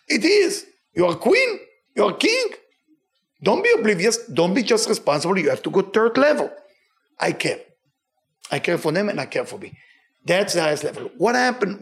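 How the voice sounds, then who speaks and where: A man teaching a weekly Torah lesson with a noticeable non-native accent, animated, swinging his pitch and repeating for emphasis. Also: creaky.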